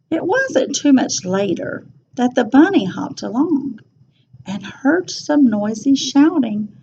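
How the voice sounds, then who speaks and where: A woman reading a rhyming children's picture book aloud in an expressive, sing-song storytelling voice. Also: high voice, slow pace, vocal fry, muffled recording, slight background noise.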